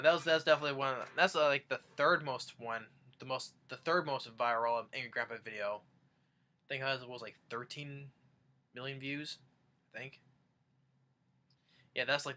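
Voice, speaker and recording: A young man casually recounting favorite videos in a rambling, halting way, restarting sentences as he goes. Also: medium pitch, bright, forceful tone. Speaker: fan vlogger. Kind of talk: casual countdown retelling.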